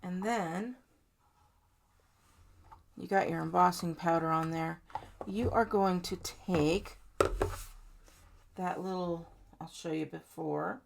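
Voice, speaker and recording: A woman's voice: on the low side, slow pace, vocal fry, pauses often, slight background noise. A woman hosting a card-making tutorial, chatting casually to viewers as she works step by step. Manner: chatty, warm-hearted, talks to viewers directly. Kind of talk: casual step-by-step crafting demo.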